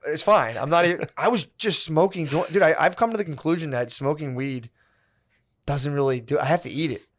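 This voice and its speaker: A man co-hosting a podcast in casual chat, a bit hoarse, telling stories and mimicking friends. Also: a little fast. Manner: relaxed storyteller, mimics friends in low mumbled voices. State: hoarse after a weekend of smoking. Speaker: podcast co-host.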